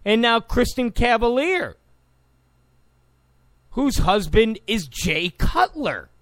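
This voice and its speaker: A man's voice: very high voice, big pitch swings, takes it slowly, fairly bright tone, no echo. A man delivering a combative, sarcastic political monologue, repeating points for emphasis. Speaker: political commentator. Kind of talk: opinionated monologue.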